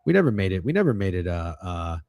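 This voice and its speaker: A young man hosting a sports betting livestream, talking casually and excitably, swearing often and rambling through restarts as he runs through his picks. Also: deep voice, fast talker, vocal fry, no echo. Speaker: sports betting show host.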